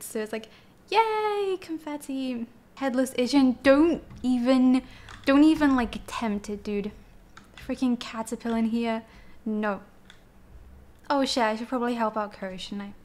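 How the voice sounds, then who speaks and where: A woman streaming a game late at night, tired and teary, rambling casually with lots of "like" and "dude". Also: a little high. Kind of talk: casual live-stream chat.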